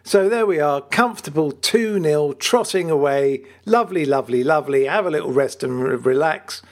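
A man with a fairly high voice co-hosting a football podcast. He chats in an easygoing way, teases his co-host, and laughs often. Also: lively intonation, normal speed. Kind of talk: casual chat.

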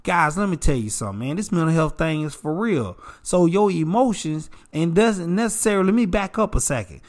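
Animated preachy man, slightly high voice. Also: fairly quick. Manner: animated, preachy, addresses listeners as bro and y'all. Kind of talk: casual advice talk.

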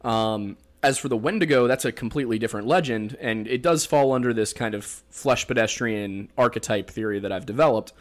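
A young man with a Pennsylvania accent, hosting a podcast and explaining folklore in a rambling, joking way full of fillers. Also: on the low side. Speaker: podcast host. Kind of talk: casual chat.

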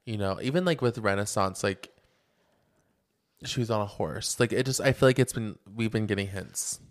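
A young man co-hosting a podcast, animated and sassy in casual chat, filling with "like". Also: on the low side, normal speed. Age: young adult. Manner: animated, sassy, many "like" fillers. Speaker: podcast co-host.

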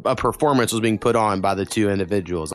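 A man's voice: fairly low pitch, fast, a bit bright, faint music behind. Rambling, cursing young man chatting. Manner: rambling, swears a lot, many fillers. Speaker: podcast co-host. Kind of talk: casual chat.

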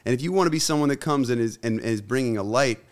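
A guest musician with a medium-pitched voice races through an earnest spoken-word poem. Then he shifts into an open, heartfelt conversation during a casual podcast chat.

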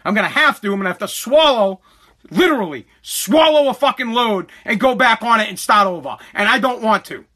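Man, podcast host, high voice, bright tone, angry profane rant, stammering. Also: expressive, a little fast. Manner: profane, agitated ranting with repeated stammers.

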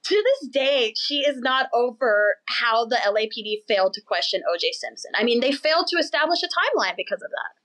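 A young woman hosting a podcast, telling a story in an animated, chatty way and laughing as she goes. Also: on the high side, poor audio. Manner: chatty, animated, laughs while telling, does quick mocking voices for people in the story. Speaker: podcast host. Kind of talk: casual storytelling chat.

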